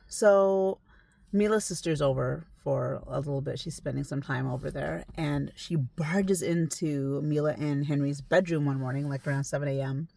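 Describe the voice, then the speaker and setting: A woman's voice: sits low, moderate pace, creaky, no room sound. A young adult woman telling a story in a casual, emphatic, conversational way. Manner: conversational, emphatic, sometimes hushed. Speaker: esthetician telling a client's story.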